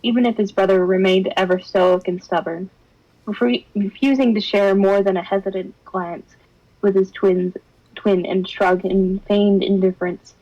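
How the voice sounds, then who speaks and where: A woman's voice: mid-range voice, steady tone, moderate pace, dark tone, muffled recording. A young woman streamer reading fan fiction aloud with drama, breaking into laughs and wry side comments. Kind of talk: expressive narration with laughing asides.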